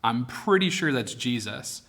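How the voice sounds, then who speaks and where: A man gives a youth sermon in a relaxed, conversational tone. He tells the scripture story with lively, animated quotes, and his voice sits at an ordinary middle pitch. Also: a little slow, gravelly. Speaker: youth pastor. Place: online youth ministry broadcast.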